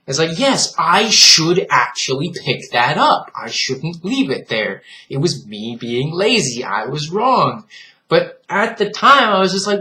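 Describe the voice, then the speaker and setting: In a casual vlog monologue, a man speaks earnestly and reflectively straight to his viewers, lecturing them with frequent direct appeals and laughing at whatever he finds foolish. His voice is on the high side, very animated, a little slow, and bright and forceful.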